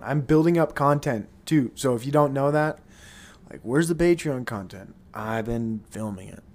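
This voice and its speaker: A man hosting his own show in a rambling, profane, blunt casual monologue. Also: mid-range voice. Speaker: podcast host.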